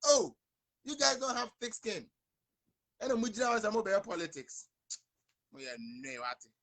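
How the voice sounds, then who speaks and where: Ghanaian male host, young adult, bright forceful voice, slightly high, emphatic and repetitive livestream rant. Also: very animated, moderate pace, vocal fry. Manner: emphatic, repetitive, addresses viewers directly. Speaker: online show host. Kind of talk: livestream rant mixing English and Twi.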